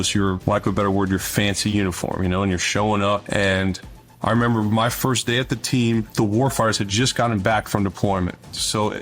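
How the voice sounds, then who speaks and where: A middle-aged man, a former Navy officer, speaking as an interview guest, telling stories in an earnest, conversational way that often repeats words as he starts a thought. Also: lowish voice. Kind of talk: interview storytelling.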